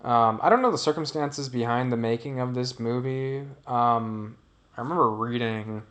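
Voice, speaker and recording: A man's voice: medium pitch, normal speed, fairly bright tone. A man narrates his own gameplay in a loose, casual way. He wanders between thoughts and lets sentences trail off. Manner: rambling, digressive, trails off. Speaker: gameplay commentator. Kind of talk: casual commentary over gameplay.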